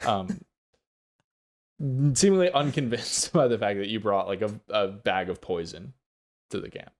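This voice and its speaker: Guy running a tabletop game, lowish voice, laid back. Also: a little slow. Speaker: game master.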